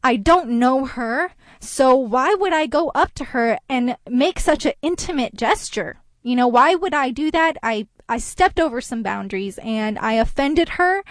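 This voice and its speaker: A woman recounts a personal story slowly and earnestly, her voice sitting a little high. She pauses and restarts as she reflects. The sound is dry and close. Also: no echo.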